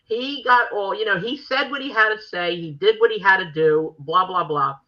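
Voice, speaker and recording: Brash older woman host, very bright voice. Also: mid-range voice, normal speed, highs cut off. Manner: brash, animated storyteller acting out quotes. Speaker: podcast host. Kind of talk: casual storytelling chat.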